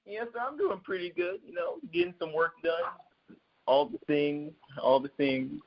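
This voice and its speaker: A teenage boy guest in a casual video-call interview, soft-spoken, polite and laid-back. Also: fairly high pitch, wildly swooping pitch, a little slow, gravelly, muffled recording.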